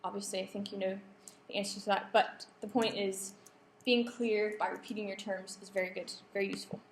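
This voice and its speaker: Her medium-pitched voice is fairly even and fairly quick as this young lecturer explains academic writing to students. The talk, full of ums and self-corrections, is recorded in an echoey lecture room with slight background noise.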